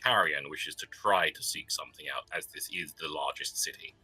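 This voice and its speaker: A man playing a character in a tabletop game, excitable and often laughing. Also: a bass voice, normal speed, slightly rough, no room sound, soft background music, poor audio. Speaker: player. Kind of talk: casual tabletop play.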